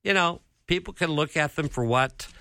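A man's voice: fairly high pitch, normal speed, sharp tone, no room sound, studio quality. A man as a Christian counselor guest on a faith talk show, speaking in a straightforward, earnest way and stretching words for emphasis.

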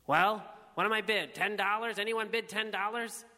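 A man putting on a gruff, tough-talking auctioneer who barks out bids in a brusque, hard-selling patter, pitched high and forceful. The voice rings with a long reverb around it. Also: normal speed, soft background music.

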